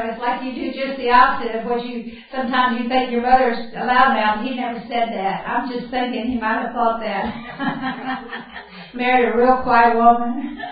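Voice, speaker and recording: An older woman with a fairly high voice gives a down-home teaching talk, chatty and quick to laugh at herself. She is heard from a distance in a very echoey hall, and the sound is dull and muffled. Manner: folksy, chatty, laughs at her own stories. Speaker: Bible camp speaker. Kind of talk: teaching talk mixed with personal stories.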